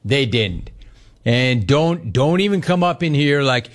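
A male sports talk radio host with a mid-range voice reads sponsor copy, then riffs on a baseball blunder with animated, mocking commentary. His pace is a little slow.

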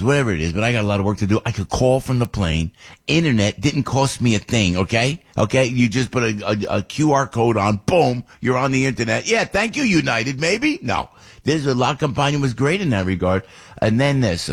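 A man hosting a radio talk show, rambling through stories in a loose, animated way and restarting his sentences often. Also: medium pitch, fairly quick, breathy edge. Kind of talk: casual radio monologue.

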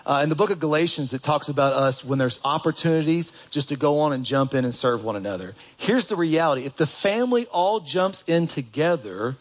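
Animated, conversational male pastor preaching. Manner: conversational, asks the congregation questions; animated, jumps up in pitch for emphasis. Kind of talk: sermon.

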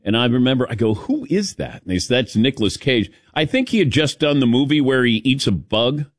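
On his morning sports radio show, a middle-aged host keeps things casual and lively, joking as he calls out crew members by name. He talks fairly quickly at a medium pitch, and the studio-microphone recording is dry and studio quality.

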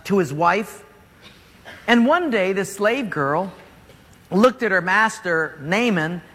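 A man's voice: high-pitched, pushed and bright. A man preaching a sermon, retelling a story with humor and acting out the characters in voices. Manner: acts out characters with voices, jokes with the congregation. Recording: hall reverb.

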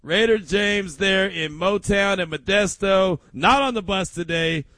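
A male sports radio host who reacts with laughter and animated mimicry of callers. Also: sits high, a little slow, no echo.

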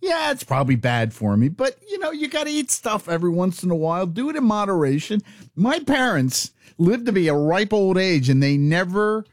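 A male talk radio host who rants in a lively, swooping voice, leaning on "you know" and "uh" as he builds his point. His voice is a touch higher than most men's. It sounds dry and close, with no room around it. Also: brisk, no echo. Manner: emphatic ranting with many fillers. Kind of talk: casual talk radio chat.

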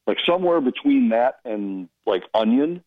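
A man's voice: medium pitch, expressive, normal speed, no echo. Man, hockey broadcaster, casual storytelling, amused, dry close sound, slightly muffled. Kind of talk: casual radio chat.

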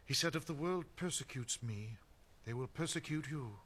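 An actor playing a calm, grave male apostle leading his followers in a radio drama. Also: mid-range voice, normal speed. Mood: solemn.

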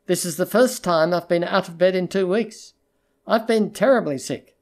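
A narrator voicing a tearful, unwell woman who pleads timidly and then threatens in a hushed, tense voice. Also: medium pitch, moderate pace, close to an everyday voice. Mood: plaintive. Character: desperate unstable woman, former employee. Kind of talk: audiobook character reading.

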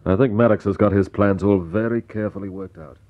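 An actor playing a thoughtful investigator who narrates in a measured, reflective way, in vintage radio drama style. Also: male voice, fairly low pitch, steady tone, lightly acted. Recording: dull lo-fi old radio recording with faint music.

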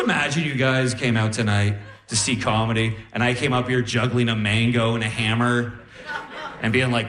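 A young man doing a stand-up set on a live stage, telling animated stories and quoting people in voices. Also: mid-range voice, moderate pace. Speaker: stand-up comedian.

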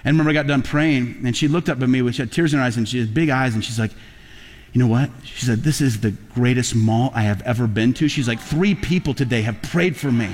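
Talking fast at a medium pitch, this preacher delivers a sermon with slight background noise and long hall reverb. He tells stories with animation and rises to emphatic peaks.

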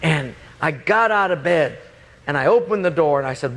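A man preaching, telling a personal story in an animated way, laughing and jumping up in pitch. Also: moderate pace. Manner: animated, laughing, pitch jumps high in the funny parts. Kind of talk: storytelling sermon.

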